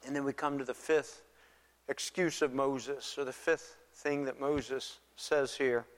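A man's voice: mid-range voice, steady tone, a little slow. Earnest male pastor preaching in a reverberant hall. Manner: earnest, repeats words, drops to near whisper for quoted pleas. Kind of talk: sermon. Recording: long reverb of a church hall.

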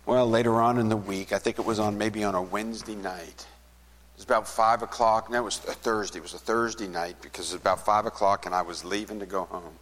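Low-voiced pastor in a reverberant hall. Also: male voice, fairly even intonation, fairly quick. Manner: retells a conversation, acting out both sides, softening to a hush at sad moments. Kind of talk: sermon storytelling.

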